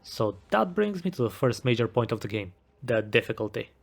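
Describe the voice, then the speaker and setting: A man's voice: medium pitch, very animated, brisk, gravelly. A man giving a scripted game review voice-over with a wry, self-deprecating sense of humor. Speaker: gaming video creator.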